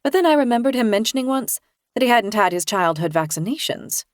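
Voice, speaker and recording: A woman reading a first-person thriller as an audiobook narrator, in a measured, even storytelling manner. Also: a little high, no room sound, studio quality.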